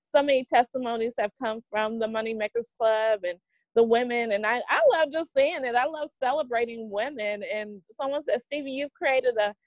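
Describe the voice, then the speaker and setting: A woman's voice: fairly high pitch, normal speed, no room sound, rough recording. A woman in her forties with a Southern US accent, a podcast guest talking in an upbeat, motivational way. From American South. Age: 40s. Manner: upbeat, motivational, says "honey". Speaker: podcast guest, business coach. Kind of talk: conversational interview.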